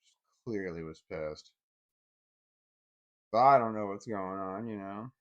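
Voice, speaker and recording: A middle-aged man telling a personal story in a blunt, heavily profane way, swinging between anger and quiet bitterness. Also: lowish voice, measured pace, highs cut off.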